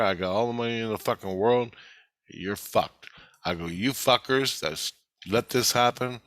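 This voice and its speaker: Male, lower voice with a sharp edge, dry close sound; agitated, profane, rambling spiritual monologue. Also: no room sound. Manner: heavy swearing, agitated and rambling. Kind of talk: casual spoken monologue recounting a spiritual experience.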